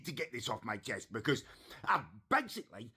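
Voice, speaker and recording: A man rants bitterly to camera, grumbling through a long list of complaints. His voice is husky and sharp-edged, and it swoops up and down as he gripes. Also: medium pitch, very animated, brisk. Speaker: ranting video creator. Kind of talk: ranting monologue.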